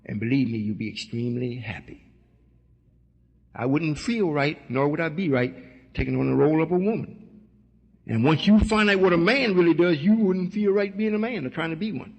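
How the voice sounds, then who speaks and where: Husky preaching man with hall reverb. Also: fairly high pitch, moderate pace, a little mellow. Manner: folksy preaching, acts out voices. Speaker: religious teacher. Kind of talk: sermon-style teaching with questions.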